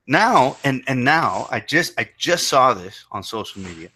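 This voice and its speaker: A man's voice: medium pitch, sing-song, measured pace, hardly any pauses, sharp tone, husky. A man co-hosting a casual chat podcast, talking in an incredulous, profane and emphatic way. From Canada. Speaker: podcast co-host.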